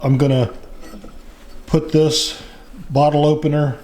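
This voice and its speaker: A middle-aged man narrating his woodworking project in a casual, plain-spoken way, pausing often with fillers. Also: a little high, level tone, noisy background. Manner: slow, plain-spoken, with frequent pauses and fillers. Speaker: woodworking channel host.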